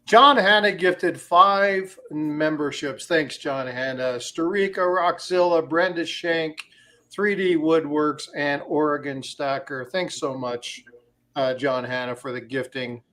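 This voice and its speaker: A man's voice: a little high, slow, pushed and bright. A man hosting a casual livestream, talking in a rambling way with many fillers and telling stories. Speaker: crypto livestream host.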